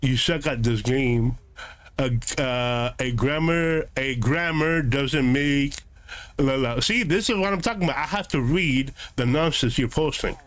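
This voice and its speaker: A man's voice: medium pitch, unhurried, fairly bright tone. A man streaming a game, answering his live chat in a combative, sarcastic, lecturing way.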